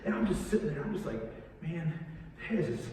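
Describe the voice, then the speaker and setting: A man's voice: fairly high pitch, sing-song, dark tone. Man playing a troubled Roman cross-builder. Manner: rambling, halting, conversational. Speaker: actor in a church Easter monologue. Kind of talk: dramatic monologue. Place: church sanctuary. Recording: echoey church hall, mic far off.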